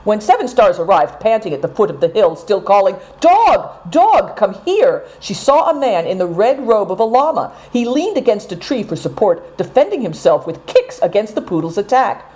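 A woman narrating a storybook in a dramatic, expressive reading. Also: medium pitch, brisk, hardly any pauses. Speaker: audiobook narrator.

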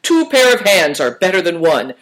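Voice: mid-range voice, very animated, normal speed, fairly bright tone, pitched above the performer's own voice. A reader doing a fussy old wine-loving host. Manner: bewailing, fussy, scolding. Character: greedy old man host, fussy and whining.

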